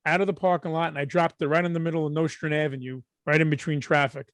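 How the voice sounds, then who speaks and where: A middle-aged man with a Brooklyn accent, co-hosting a podcast and telling stories in a casual, profane, animated way. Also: fairly high pitch, fast talker, dry recording. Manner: animated, profane, acts out quotes. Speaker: podcast co-host. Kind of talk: casual storytelling.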